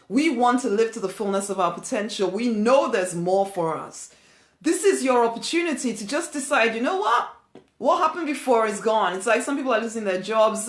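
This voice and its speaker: A woman delivering a spiritual pep talk in an emphatic, repetitive manner, laughing here and there between her points. Her voice sits at an ordinary middle pitch. The recording carries a noticeable roomy echo. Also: fairly bright tone. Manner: emphatic, repeats key phrases, laughs often. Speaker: motivational speaker.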